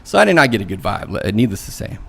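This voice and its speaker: Low gravelly guy venting about an interview, swearing, super casual. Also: big pitch swings, quick pace, a bit bright. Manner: venting, mocking voices in quotes, swears, loose and conversational. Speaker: coding learnalong streamer. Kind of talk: casual rant.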